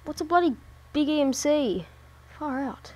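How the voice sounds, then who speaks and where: A woman's voice: high-pitched, lively intonation, a little slow. A woman giving casual let's-play commentary, muttering to herself and swearing often as she plays. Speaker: gameplay commentator.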